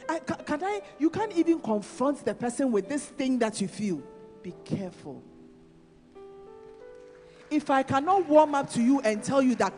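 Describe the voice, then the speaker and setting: A woman's voice: high-pitched, expressive, normal speed, darkish tone. A woman with a Ghanaian accent giving a sermon at a conference, teasing and calling on audience members by name. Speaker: conference speaker. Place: church hall. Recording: long hall reverb, faint music.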